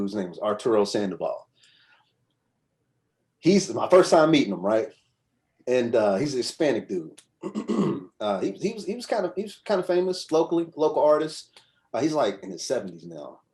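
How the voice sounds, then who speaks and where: This podcast guest has a medium-pitched, slightly mellow male voice. His storytelling is loose and rambling, peppered with frequent checks of "you know what I'm saying."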